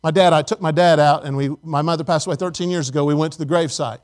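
High-voiced man preaching a sermon. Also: steady tone, very fast. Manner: emphatic preaching with audience call-and-response. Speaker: pastor.

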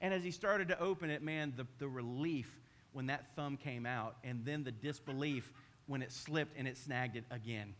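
A middle-aged man preaching as a pastor, telling a self-mocking story in an animated way. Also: mid-range voice, moderate pace. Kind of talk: sermon.

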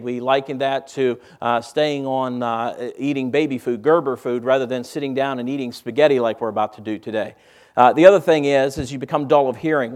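A man's mid-range, slightly mellow voice carries a pastor's sermon through a church auditorium. His style is conversational, full of rhetorical questions aimed at the congregation.

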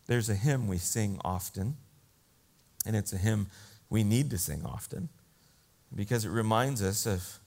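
Slow-paced male preacher. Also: lowish voice, expressive, vocal fry, a little mellow. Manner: slow, earnest preaching with swells of emphasis. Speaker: pastor. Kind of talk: sermon.

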